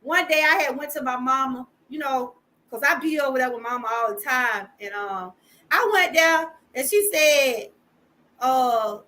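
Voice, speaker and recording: A middle-aged woman from Georgia talks in a loose, chatty Southern way, hosting a live stream and addressing her viewers as y'all. Her voice sits high and sounds bright and forward. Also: animated, moderate pace. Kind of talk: casual live chat.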